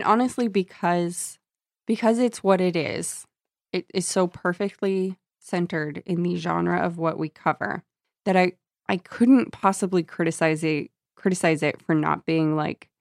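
A woman's voice: lowish voice, unhurried, gravelly, no echo, studio quality. A young woman co-hosting a podcast, chatting casually about a book and reading excerpts aloud. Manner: relaxed, reads excerpts aloud. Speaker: podcast co-host.

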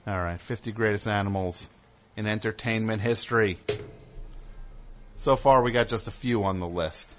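A man's voice: lowish voice, moderate pace, fairly bright tone, slight background noise. Man hosting a rambling call-in show. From United States. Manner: jokey, rambling, mock-earnest ad read. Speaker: radio show host. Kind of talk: live call-in radio show with ad reads.

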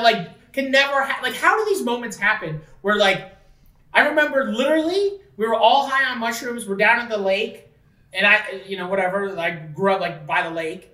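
A woman's voice: mid-range voice, fairly bright tone. Rambling woman, distant and roomy. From Canada. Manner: rambling, profane, full of "like". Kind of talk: casual chat.

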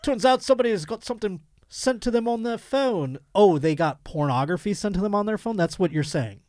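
A man's voice: high voice, fairly quick, slight background noise. A man hosting a comedy podcast, chatting casually with profanity and jokes, and reading an ad. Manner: profane, joking, animated. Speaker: podcast host. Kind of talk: casual comedic chat and host-read ad.

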